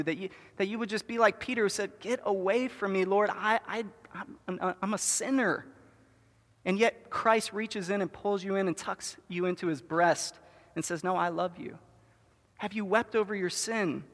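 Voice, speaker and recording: A man with a high voice delivers an earnest sermon in a church sanctuary. He draws out key words and falls to a near hush for his most solemn appeals. His voice trails off in a long hall reverb. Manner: earnest preaching, drawn-out stressed words, softening to a hush. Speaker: pastor.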